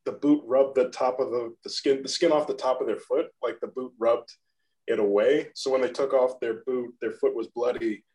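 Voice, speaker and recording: A man with a monotone voice, a guest photographer in a casual interview, self-deprecating and rambling, laughing now and then. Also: medium pitch, moderate pace, low-quality recording. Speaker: guest photographer and graphic designer.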